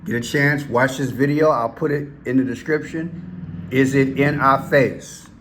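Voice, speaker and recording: A man hosting a casual commentary vlog, excitable and repetitive as he points things out on screen. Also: mid-range voice, measured pace, a little hiss or hum. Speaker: vlog host.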